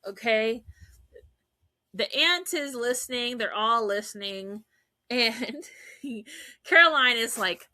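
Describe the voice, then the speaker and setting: A woman hosting a podcast, gushing and laughing as she recaps scenes and acts out quotes in quick voices. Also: fairly high pitch, bright, forceful tone. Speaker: podcast host. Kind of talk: excited fan recap chat.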